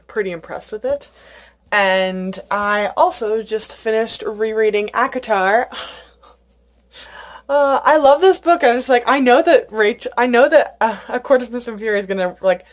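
Gushing young woman book vlogger. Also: on the high side. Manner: chatty, gushing, many fillers. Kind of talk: casual vlog chat. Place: at home.

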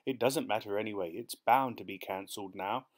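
A man's voice: on the low side, brisk, natural voice. A man reading aloud, voicing a cold, teasing old husband who talks in a curt, dismissive way. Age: older.

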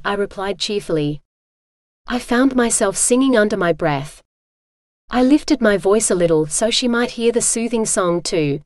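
A woman giving brisk, clear scripted first-person narration for an audiobook. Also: medium pitch, expressive, a little mellow, no room sound, clean studio sound.

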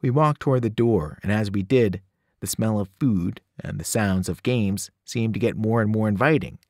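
A man, a teacher, reading a novel aloud with expressive storytelling. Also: normal speed, no room sound, studio quality. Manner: expressive storytelling, varied pitch. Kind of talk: audiobook read-aloud.

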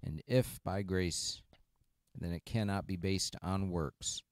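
Man, very deep voice, reading scripture aloud, steady, dry recording. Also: slow pace, no echo. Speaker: Bible study participant reading scripture.

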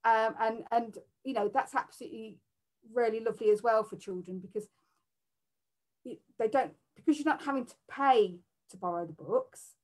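A woman's voice: a little high, moderate pace, rough recording. Chatty woman from the library. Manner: warm, chatty, many fillers and restarts. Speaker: library worker. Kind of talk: live Q&A chat.

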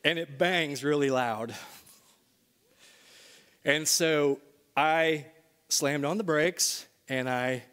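Speaking very slowly with long pauses, this middle-aged pastor has a slightly high, fairly bright voice that rings clear and resonant. Before his congregation in the church sanctuary, he tells a personal story in a conversational sermon that swells into emphatic bursts.

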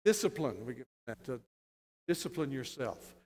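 A man preaching a sermon as pastor, building to loud, emphatic, stressed phrases. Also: mid-range voice, very animated, normal speed, breathy edge. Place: church sanctuary. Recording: long church reverb.

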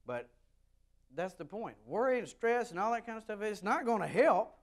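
A pastor from the United States preaching a sermon to his congregation, animated and rising loud when he reads scripture, with wry asides. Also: high voice, normal speed. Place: church sanctuary with a congregation.

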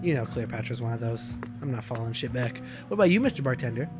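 A man's voice: mid-range voice, fast, loud music behind the voice. A young man streaming a game, joking and putting on voices for its characters. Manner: animated, jokey, puts on voices for game characters. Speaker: gaming streamer. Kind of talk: playing a game, voicing its characters.

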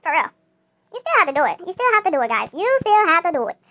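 A woman's voice: very high-pitched, very animated, very fast, pushed and bright. A female YouTuber chatting casually over mobile gameplay, repeating herself and talking straight to her viewers.

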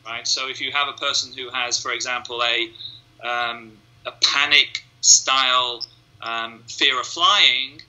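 In a relaxed interview, a hypnotist explains his approach stage by stage, dramatizing the inner voices of his clients. He talks a little slowly in a steady, mid-range voice that is bright and forceful, though the recording is low quality.

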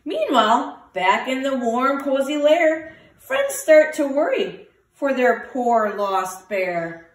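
A woman teacher reading a picture book aloud to children, with lively voices for the animals. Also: high-pitched, slow, recorded from a distance. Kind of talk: storybook read-aloud for children. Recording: roomy, from the mic.

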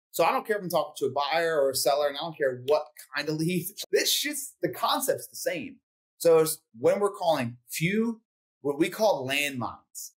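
Sales coach, man, fairly high voice, blunt and swears a lot, acts out calls. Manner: blunt, profane, animated with acted-out phone calls. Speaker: real estate sales coach. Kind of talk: casual podcast coaching talk.

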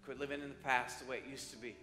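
A male pastor preaching a sermon, moving from loud urging to soft, prayerful appeals. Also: mid-range voice, fairly even intonation, racing, a little hiss or hum. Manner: shifts from loud exhorting to soft prayerful calls. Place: church sanctuary. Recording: echoey church hall with music behind.

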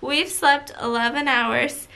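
A young woman telling a travel story in a casual vlog, chatty and animated, with lots of "like", filmed in a hotel room on a handheld camera. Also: high-pitched, takes it slowly, gravelly. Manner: chatty, animated, giggly, heavy use of "like". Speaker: travel vlogger. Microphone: handheld camera held by partner.

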